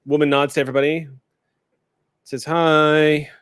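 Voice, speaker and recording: A man running a tabletop game as game master, narrating scenes in a relaxed, halting way with frequent restarts. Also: medium pitch, no echo, studio quality.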